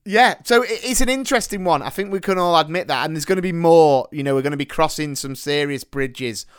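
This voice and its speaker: A man co-hosting a podcast in casual chat, playful and quick to laugh, often restarting his words. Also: fairly high pitch, smooth, no echo, studio quality. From northern England. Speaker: podcast co-host.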